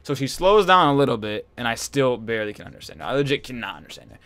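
A man's voice: medium pitch, big pitch swings, fast, fairly bright tone, no echo. A young man hosting a gaming channel, telling a rambling, exasperated story over gameplay and swearing often.

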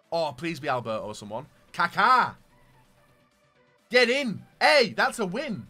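A man giving gaming commentary as he opens packs, excitable, dropping to low muttering and then bursting into shouts. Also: a little slow, soft background music. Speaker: gaming YouTuber. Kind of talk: pack-opening gaming commentary.

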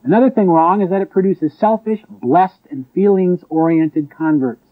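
A man preaching a sermon in an emphatic way, with sharp rises and drops. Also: sits high, normal speed. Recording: tinny phone-like lo-fi recording.

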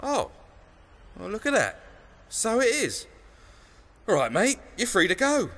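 Foul-mouthed cop played by a man, barking and brusque, animated pitch. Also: a little slow, big-room sound, full character voice. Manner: brusque and crude.

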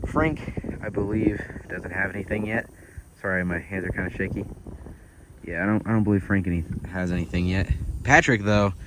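Young male farm vlogger, slightly stuffy, easygoing and rambling; handheld outdoors with wind and water behind. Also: on the low side. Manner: rambling, laid-back, many fillers. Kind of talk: casual vlog chat. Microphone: handheld camera. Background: running water and wind.

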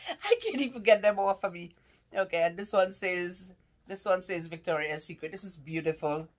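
A woman's voice: on the low side, animated, normal speed. A woman vlogger opening fan mail and gifts, gushing and exclaiming with lots of laughter as she wrestles with the packaging. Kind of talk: casual unboxing vlog.

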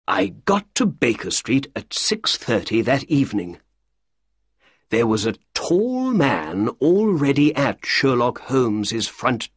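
A man narrating a storybook in a slow, clear reading style. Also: mid-range voice, no room sound, studio quality.

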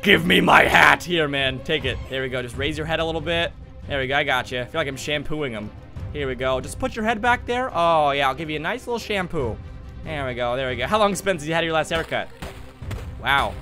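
Goofy high-voiced man doing game commentary. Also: fast, soft background music. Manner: goofy, excitable, jokey asides. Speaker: gaming YouTuber. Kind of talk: comedic gameplay commentary.

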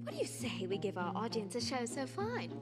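A woman with a British accent rapping as a loyal, patient young wife in a fan cypher, with a sweet, soft-spoken delivery. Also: fairly high pitch, wildly swooping pitch, fairly quick, over loud music. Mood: tender. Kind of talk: rap verse in a fan cypher. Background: loud hip hop beat.

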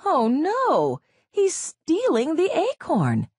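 A woman voicing an eager little mouse detective in a children's storybook reading, high and excited. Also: takes it slowly, no echo, studio quality, full character voice. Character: bright eager young mouse detective Dot.

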